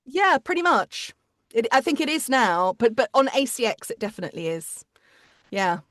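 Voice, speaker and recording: A woman, an audiobook narrator and coach, chatting in an interview with quick asides and restarts. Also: fairly high pitch, big pitch swings, fairly bright tone, no room sound, studio quality. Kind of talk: casual interview chat.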